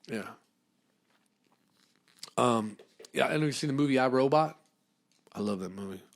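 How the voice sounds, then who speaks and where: Man, comedy podcast host, mid pitch, rambling, profane, lots of fillers, casual monologue. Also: animated, a little slow.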